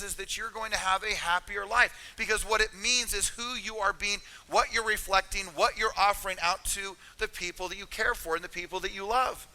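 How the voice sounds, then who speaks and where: Middle-aged male motivational speaker, high bright forceful voice, emphatic, hall reverb. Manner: energetic, emphatic, addresses audience directly. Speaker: motivational speaker at a real estate seminar. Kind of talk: live motivational talk.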